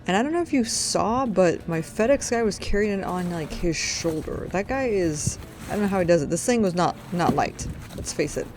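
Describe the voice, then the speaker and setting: A woman's voice: on the low side, expressive, normal speed. A woman chatting casually in a car repair vlog, rambling with jokey asides. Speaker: DIY car repair vlogger. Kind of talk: casual chat. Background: background music.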